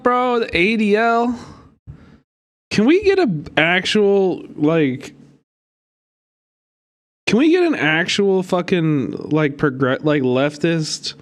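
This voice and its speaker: Animated cursing male streamer. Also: a little high. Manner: animated, cursing, mocking, laughs often. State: hiccups. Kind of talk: casual live-stream commentary.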